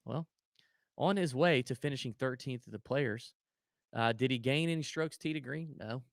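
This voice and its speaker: A man's voice: medium pitch, moderate pace, gravelly, dry recording, studio quality. A man co-hosting a podcast, telling stories animatedly with goofy sound effects and casual chat. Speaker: podcast co-host.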